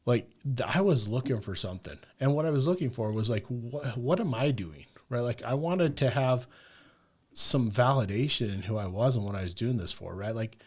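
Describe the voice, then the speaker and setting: A man chatting casually as a podcast guest, telling a long personal story and peppering it with "like" and "right?". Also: mid-range voice. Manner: rambling, peppers talk with "like" and "right?".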